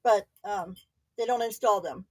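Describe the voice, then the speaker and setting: A woman chatting casually on a video call, relaxed and quick to laugh. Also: mid-range voice, rough recording. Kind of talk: casual chat.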